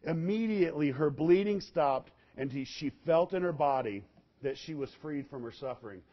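A man preaching a sermon, telling the story in an animated way with sudden loud bursts and hushed low passages. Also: normal speed. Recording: dull lo-fi recording.

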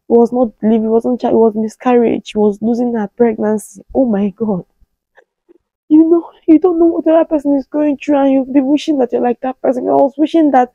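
A Nigerian woman in her thirties with a Nigerian English accent, telling an emotional personal story in an animated way. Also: breathy edge, no room sound, highs cut off. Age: 30s. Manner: animated, acts out quoted pleas in a higher voice. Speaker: vlogger.

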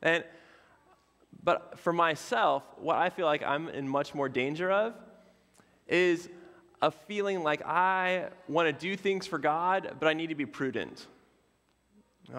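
A man delivers a sermon from the pulpit in a loose, conversational style, dropping in fillers and friendly asides. His voice sits a little on the high side for a man. The sound rings with the long reverb of a church sanctuary. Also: a bit bright. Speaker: pastor.

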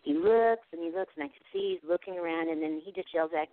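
A woman guest on a radio show, telling a story in a casual, animated way and acting out what people said. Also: fairly low pitch, quick pace, hardly any pauses. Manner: animated, acts out quoted dialogue. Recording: tinny phone line, dry.

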